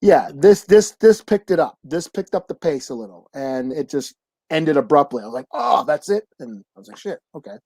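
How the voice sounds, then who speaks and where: A podcast co-host casually reviewing a comic, talking in a halting way with restarts and casual swearing. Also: mid-range voice, lively intonation, warm tone, no room sound.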